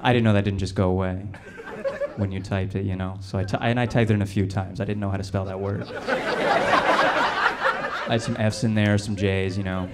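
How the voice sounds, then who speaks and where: Young male stand-up comic, deadpan and low-key, lowish voice, live-show recording with heavy crowd noise. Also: a little fast, long pauses. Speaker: stand-up comedian. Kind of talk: stand-up comedy set. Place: small live comedy venue with audience.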